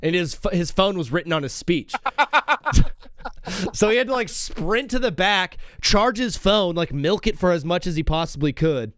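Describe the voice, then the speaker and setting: Lively young man hosting sports radio. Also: high-pitched, normal speed, clear, resonant tone, no echo, clean studio sound. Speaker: radio host. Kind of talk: casual chat.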